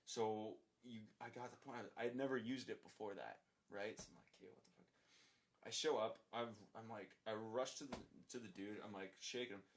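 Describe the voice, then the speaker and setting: Young adult male guest, casual storytelling, animated and profane, acts out dialogue. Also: fairly low pitch, normal speed, few pauses. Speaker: podcast guest.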